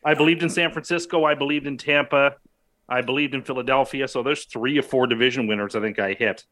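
A man co-hosting a sports betting podcast, talking in a hesitant, halting way. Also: mid-range voice, fairly even intonation, a bit bright, dry recording. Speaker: podcast co-host. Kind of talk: casual sports betting chat.

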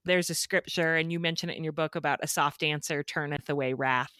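A woman's voice: deep voice, steady tone, brisk, a bit bright, no echo, clean studio sound. A woman hosting a podcast, telling a parenting story with light laughs. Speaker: podcast host. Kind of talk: podcast conversation.

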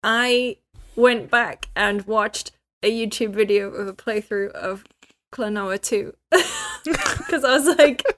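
A woman guest on a casual podcast, chatty and quick to agree and joke along. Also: medium pitch, a bit bright.

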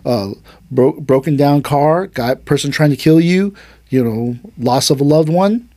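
On his martial arts podcast, an aikido instructor takes a little slow pace in a higher-leaning voice while recounting a story in a casual chat. He acts out the quotes like an animated storyteller, captured in clean studio sound with no room sound.

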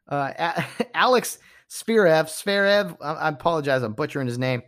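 A man hosts his own podcast, ranting loosely about sports etiquette. He sounds incredulous and animated, jumping into mock voices and hushed whispers to act out what others say. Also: high voice. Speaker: podcast host. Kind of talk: casual sports rant.

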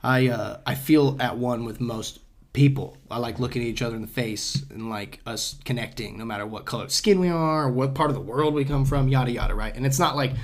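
A man's voice: medium pitch, brisk. A young man hosting a podcast, telling a story in casual chat, acting out the other people's voices and swearing freely. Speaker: podcast host.

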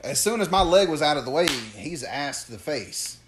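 A man's voice: fairly high pitch, big pitch swings, moderate pace, noisy background. A man who wrestles, hosting a casual podcast chat and telling stories in an easygoing way.

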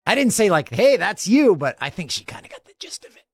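A man in his forties hosting a podcast in casual chat, animated and jokey, laughing often. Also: high-pitched, brisk, husky. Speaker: podcast host.

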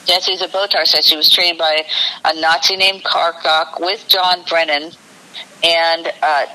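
A woman's voice: low voice, steady tone, unhurried, sharp tone, poor audio. A woman guest in a casual interview, telling a long personal story in a rambling, breathless way.

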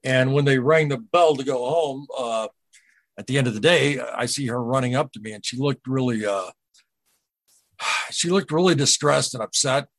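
A man with a husky, slightly rough voice shares a personal account on a podcast in casual storytelling. He speaks earnestly and haltingly, circling back to repeat what others told him. The recording is close and dry. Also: mid-range voice, fairly bright tone, dry recording. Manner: earnest, halting, retells dialogue. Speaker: podcast guest.

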